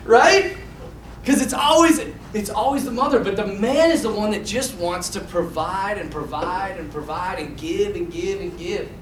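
A man with a high, bright voice teaches a Bible class in a loose, animated way, full of fillers and restarts. The room is echoey and he is some distance from the mic. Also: normal speed, hardly any pauses, a little hiss or hum. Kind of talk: casual teaching talk to a mixed group.

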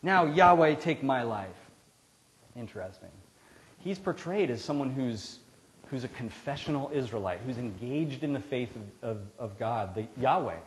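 A pastor gives a sermon from a church, his voice at a middle pitch. He talks in an earnest, casual way and often restarts his sentences. A faint hiss sits under the recording. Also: animated, normal speed, darkish tone, low-quality recording. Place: church sanctuary.

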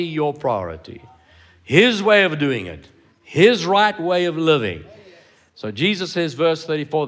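In a church hall, a male pastor preaches a sermon in a fairly high, lively voice that rises and falls a lot. He stresses words by repeating them and keeps turning to the congregation with questions.

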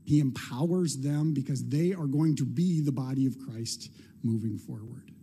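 A man's voice: mid-range voice, normal speed, warm tone, a little hiss or hum. Casual, conversational male pastor. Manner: conversational, playful, acts out quotes. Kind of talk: sermon.

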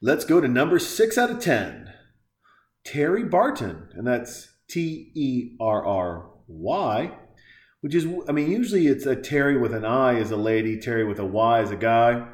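A man's voice: mid-range voice, darkish tone. A man hosting a podcast, delivering a crude, heated and sarcastic rant as casual commentary. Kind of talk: profane ranting commentary. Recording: echoey room.

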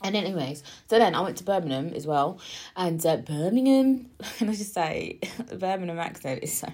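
A woman talks straight to her viewers, rambling through a story with lots of asides and fillers. Her voice is a little husky and sits on the low side. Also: expressive, normal speed, darkish tone. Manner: chatty, rambling, full of asides and filler words. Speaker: vlogger.

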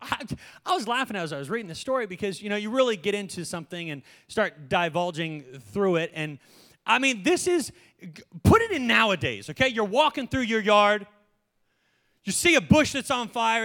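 A young man preaching a sermon in a joking, animated way, often laughing. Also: high-pitched. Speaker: pastor.

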